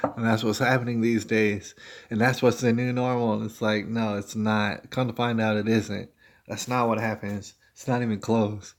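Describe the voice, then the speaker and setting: Male livestream host, lowish voice, rambling casual commentary, speaks to his audience directly, recorded at home. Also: little pitch movement, moderate pace. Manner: rambling, conversational, addresses viewers as y'all.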